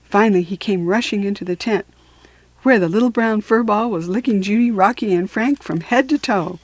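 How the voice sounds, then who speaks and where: Woman narrator for a kids' read-aloud, expressive, whispers at tense moments, mid pitch. Dry, close recording. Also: moderate pace, dry recording. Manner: expressive, drops to a whisper for suspense. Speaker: children's book reader. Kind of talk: reading a storybook aloud.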